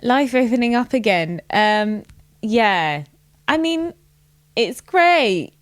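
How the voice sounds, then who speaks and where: A woman's voice: fairly high pitch, lively intonation, takes it slowly, no echo. A woman as a podcast guest in casual chat, rambling and laughing often, full of "like" fillers.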